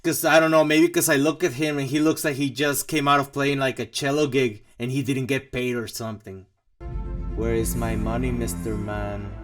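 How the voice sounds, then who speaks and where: A man's voice: mid-range voice, fairly even intonation, fairly quick, hardly any pauses, a bit bright. A man hosting a casual walkthrough vlog about his own music, rambling and joking with many fillers and mock asides. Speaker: composer and channel host.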